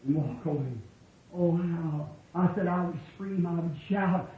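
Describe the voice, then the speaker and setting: A male preacher, leading a healing service and pleading with his congregation in a fervent, drawn-out way. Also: a little high, a little hiss or hum. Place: church hall. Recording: echoey, dull old church recording.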